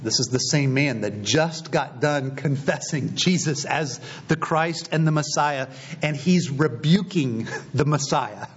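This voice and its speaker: A man's voice: unhurried, breathy edge. A man preaching a sermon, retelling scripture stories and acting out the dialogue. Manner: storytelling, acting out quoted dialogue. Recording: slightly dull recording with faint low rumble.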